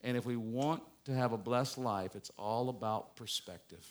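A man preaching a sermon as a pastor, swinging between loud emphatic passages and quiet reflective ones. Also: medium pitch, normal speed. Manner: preaching with strong rises and falls, mock-gloating asides.

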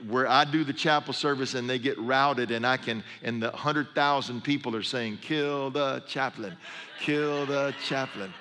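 A middle-aged pastor who is also a sports chaplain preaches a sermon in a medium-pitched, slightly bright voice. He tells stories conversationally, adding humorous asides, and the recording has a long hall reverb.

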